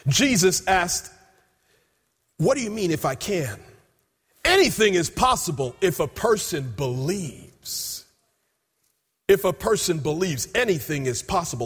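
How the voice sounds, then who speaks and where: A man preaches a sermon in a high, husky voice, retelling scripture with emphatic, drawn-out quotes. The sound rings with long reverb from a large hall.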